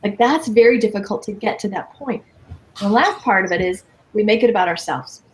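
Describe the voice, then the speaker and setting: A woman in her fifties, a coach talking as a guest in a casual interview, lively and emphatic. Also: mid-range voice, brisk, slight background noise. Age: 50s. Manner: lively, emphatic, quotes people in playful voices.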